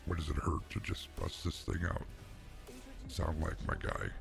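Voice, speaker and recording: A deep-voiced fantasy adventurer, as a man puts him on for a tabletop game, speaking slow and low. The voice carries a gravelly rasp. Game music plays clearly underneath. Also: little pitch movement, full character voice.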